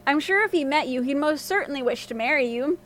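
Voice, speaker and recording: A woman voicing a kind, poor old fisherman in a fairy tale, speaking gently and courteously. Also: sits high, fast. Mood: kindly.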